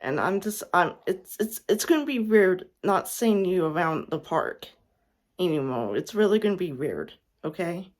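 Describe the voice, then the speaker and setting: A young woman speaks a heartfelt goodbye straight to the camera, her voice sitting a little low. She is close to tears, sighing often and stumbling through restarts as she tries to get the words out. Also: big pitch swings. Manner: halting, tearful, many restarts and sighs. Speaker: fan vlogger. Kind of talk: emotional farewell message to camera.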